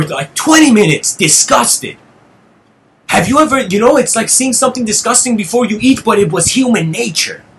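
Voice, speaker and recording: A man hosting his channel, telling a personal story in an animated monologue, addressing listeners as "guys" and getting heated and intense. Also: a little high, slight background noise. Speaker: channel host giving a lecture.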